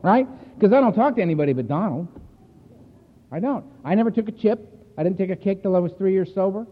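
A man's voice: high voice, animated, brisk. A man giving a personal recovery talk to a meeting, telling his story bluntly and with emphasis. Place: meeting hall. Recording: echoey hall over a tinny phone-like line.

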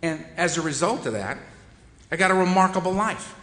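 Wry man telling his story, bright voice. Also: high-pitched, animated, brisk. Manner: wry, self-mocking, conversational. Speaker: speaker sharing his recovery story. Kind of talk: humorous personal talk to an audience. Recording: echoey hall reverb.

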